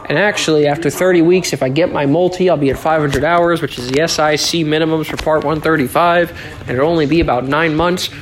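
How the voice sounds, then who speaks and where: A man hosting a casual solo podcast, joking around, swearing a lot and breaking into sudden yells. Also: a little high, steady tone, fairly quick, a little hiss or hum. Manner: profane, joking, with sudden yelling outbursts. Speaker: podcast host.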